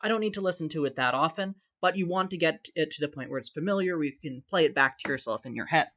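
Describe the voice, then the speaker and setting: A man's voice: fairly high pitch, lively intonation, fast, sharp tone. A man teaching a recorded music theory lesson, talking through each step and singing rhythms on syllables. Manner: thinks aloud, sings rhythms on syllables.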